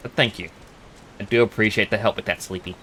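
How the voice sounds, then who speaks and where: A man's voice: lowish voice, fairly even intonation, fast talker, pushed and bright, slight background noise. A chatty man with an Australian accent giving casual commentary while streaming a game and thanking viewers.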